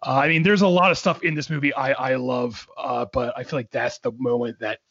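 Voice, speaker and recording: Male podcast co-host, hesitant casual chat; husky voice, dry sound. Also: medium pitch, steady tone, fairly quick, a bit bright, no room sound, muffled recording. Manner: hesitant, many fillers.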